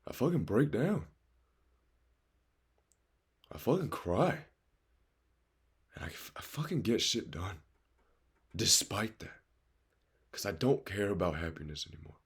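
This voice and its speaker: A man with a husky, breathy voice talks straight to the listener in a raw, confessional monologue. He is blunt and earnest, swearing freely as he presses his advice with urgent conviction. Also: on the low side, animated, measured pace, pauses often. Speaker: vlogger giving life advice.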